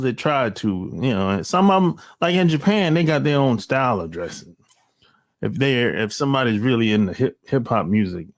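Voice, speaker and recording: Slow, animated middle-aged man ranting. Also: mid-range voice. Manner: rambling, blunt, with slang and profanity; frequent sighs and restarts. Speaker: channel host. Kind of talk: casual opinion monologue.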